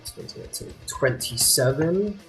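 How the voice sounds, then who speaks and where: A man narrating as game master of a tabletop game, chatty and quick to apologize. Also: on the high side. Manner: lively, chatty, apologetic asides. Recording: faint guitar music behind.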